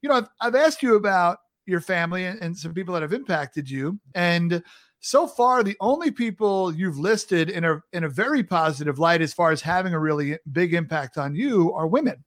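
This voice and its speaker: A man's voice: high voice, animated, moderate pace, fairly bright tone, dry recording, clean studio sound. A man hosting a casual interview, easygoing and hesitant, with many small restarts. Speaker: podcast host.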